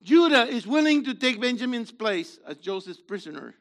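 A man preaching a sermon in a theatrical way, acting out voices and swinging from shouts to hushed asides. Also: very high voice, very animated, moderate pace.

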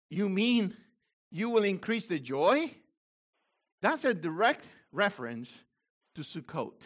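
An older man delivering excited Bible teaching with a high, bright voice. He swoops all over his range and breaks into loud exclamations. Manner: exclamatory, animated, bursts of shouting. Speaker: preacher.

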